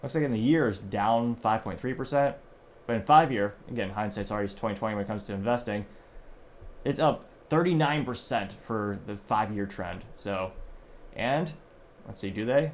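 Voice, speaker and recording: A man's voice: on the low side, moderate pace, a little hiss or hum. A male host giving casual news commentary, rambling and correcting himself as he reads business stories aloud.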